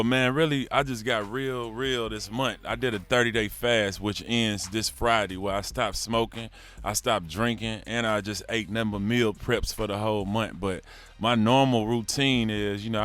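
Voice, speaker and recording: A man's voice: lowish voice, steady tone, normal speed, a bit bright. A man, a rapper talking as an interview guest in a laid-back, slangy drawl. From Houston, Texas. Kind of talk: casual interview talk.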